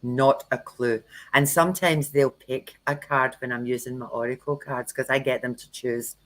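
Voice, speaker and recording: A woman's voice: extremely low pitch, steady tone, normal speed, a bit bright, low-quality recording. A woman hosting a tarot livestream, talking casually and frankly, telling anecdotes and acting out what people said. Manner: frank, anecdotal storytelling with acted-out quotes. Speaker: tarot reader and workshop host.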